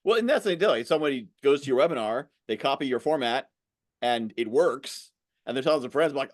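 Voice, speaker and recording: Lively, animated male podcast host. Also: a little fast. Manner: animated, mimics pitchmen in exaggerated voices. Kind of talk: casual interview chat.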